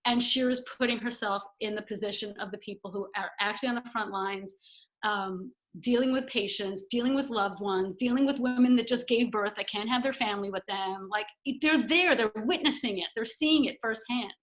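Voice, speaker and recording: A woman's voice: medium pitch, a little fast. A woman co-hosting a casual chat on a video call, telling stories animatedly and acting out what people said. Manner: animated storyteller, acts out quotes.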